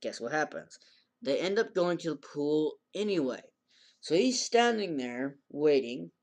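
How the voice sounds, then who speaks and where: A man's voice: fairly high pitch, lively intonation, a little slow. A man casually recapping an anime episode in a rambling way, acting out the characters' lines in a raised voice. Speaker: anime reviewer.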